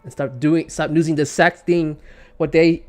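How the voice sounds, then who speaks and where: This man's voice is a little high with little pitch movement, and he talks at normal speed. He's a gaming streamer giving casual commentary as he plays, rambling with stammered restarts, repeated words and offhand swearing.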